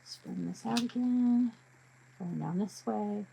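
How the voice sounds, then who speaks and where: A chatty woman talks herself through a live craft demonstration, pitched in a mid, ordinary range. She jokes with her materials as she works. A faint hum sits behind her voice. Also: a little slow, vocal fry, mellow, rough recording. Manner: jokey self-talk to her materials. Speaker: craft tutorial host.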